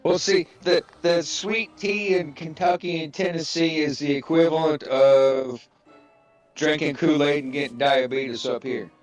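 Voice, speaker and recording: A man's voice: a little high, fairly even intonation, soft background music. A man from Illinois in a casual chat, agreeable and swearing now and then. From East Central Illinois, USA. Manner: agreeable, quick "right" replies, swears.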